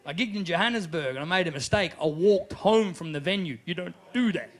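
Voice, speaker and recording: A man from Australia with an Australian accent, doing a live stand-up set in an animated, mocking, profane manner. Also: sits high, a little fast. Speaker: stand-up comedian. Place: live comedy venue.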